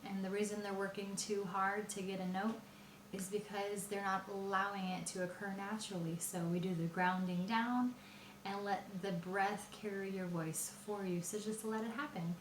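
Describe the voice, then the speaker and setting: A woman voice teacher explaining singing technique in a patient, explanatory way, pausing often with fillers. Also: mid-range voice, fairly even intonation, slight background noise. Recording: roomy echo.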